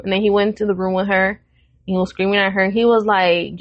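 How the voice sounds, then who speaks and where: A woman's voice: mid-range voice, fairly quick, no room sound, dull audio. A woman in her thirties on a podcast, telling a family story in casual chat, swearing freely and acting out what each person said. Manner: animated retelling with quoted voices, frequent swearing. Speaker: podcast co-host.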